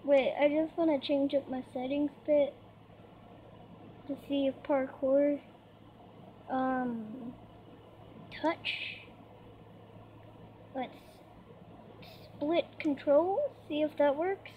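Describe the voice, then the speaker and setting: A woman's voice: high voice, steady tone, extremely slow, long pauses. A woman giving chatty gameplay commentary, easily startled and squealing when things go wrong. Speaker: gamer. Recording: dull lo-fi mic, faint noise.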